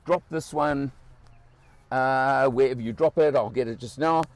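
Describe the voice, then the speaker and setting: A man's voice: mid-range voice, normal speed, no room sound. A South African man giving an enthusiastic, casual walkaround car review outdoors beside a car, pointing out features as he goes.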